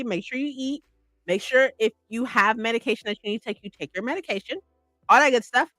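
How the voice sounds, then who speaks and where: A woman's voice: on the high side, sharp tone, no room sound. A woman chatting on a livestream, rambling and gushing with lots of "like" and "right?". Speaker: streamer. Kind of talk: casual livestream chat.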